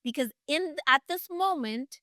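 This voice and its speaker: A woman retells a Bible story in an easy, conversational way, stopping for playful asides. Her voice is bright and forward and sits a little high, and the sound is close and dry. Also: animated, a little slow, no echo.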